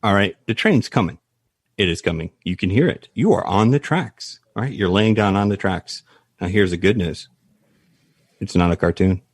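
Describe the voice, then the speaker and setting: Husky man telling animated analogies. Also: deep voice, normal speed, dry recording, studio quality. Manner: animated storyteller who leans on analogies. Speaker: guest, practice valuation advisor. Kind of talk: podcast interview.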